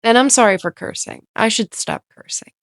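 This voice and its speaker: A woman's voice: fairly high pitch, moderate pace, dry recording, clean studio sound. A woman telling a personal story on a podcast in a rambling, candid way, often interrupting herself and using lots of "like". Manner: rambling, self-interrupting, heavy use of "like"; candid, occasionally swears.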